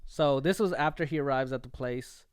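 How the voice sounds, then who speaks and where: A man's voice: mid-range voice, moderate pace, smooth, no room sound, studio quality. A man co-hosting a podcast in casual chat, laid-back and slangy, often laughing along. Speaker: podcast co-host.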